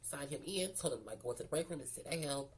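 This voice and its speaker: A storyteller vlogger from Memphis, Tennessee, with a low, expressive voice talks fast over a little hiss or hum. Her casual storytime is a personal tale told in a sassy, profane, chatty way, and she calls her viewers girl and baby.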